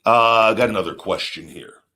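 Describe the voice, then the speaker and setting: A man's voice: on the low side, fairly quick, pushed and bright. A middle-aged man hosting a casual live show, rambling and restarting sentences as he tells stories. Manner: rambling, frequent restarts, storytelling with acted quotes. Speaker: podcast host. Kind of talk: casual live-stream chat.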